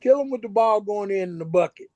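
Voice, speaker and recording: Male co-host, blunt, slangy, high but mellow voice, dry and slightly lo-fi sound. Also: expressive, quick pace, no room sound. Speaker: podcast co-host. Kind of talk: casual chat. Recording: slightly dull lo-fi audio.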